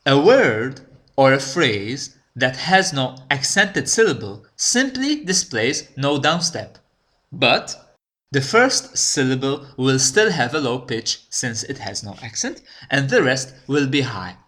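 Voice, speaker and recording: A man giving a recorded lecture, explaining step by step in a slow, deliberate way and checking in with "okay?". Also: mid-range voice, sing-song, pushed and bright. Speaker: language teacher.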